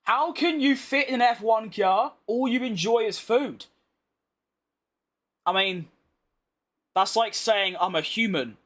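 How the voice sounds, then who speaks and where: A man's voice: sits high, a bit bright. A young British man casually commentating over his racing game, chatting bluntly with his viewers and reading their messages. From Britain. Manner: chatty, blunt, reads chat and banters back. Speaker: gaming streamer.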